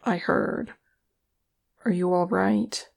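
A reader voicing a young male dwarf who speaks in a muted, gentle way. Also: mid-range voice, wildly swooping pitch, takes it slowly, creaky, exaggerated voice. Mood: concerned. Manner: muted, quiet voice.

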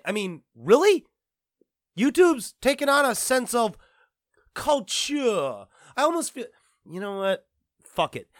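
A man's voice: a little high, fairly bright tone, no echo, clean studio sound. A man hosting a gaming commentary show, ranting casually and profanely with lots of restarts.

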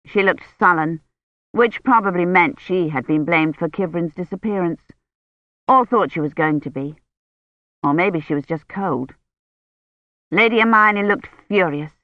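A woman reading a novel aloud as scripted narration, in a measured storytelling manner. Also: lowish voice, no echo. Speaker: audiobook reader. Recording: tinny phone-like dry sound.

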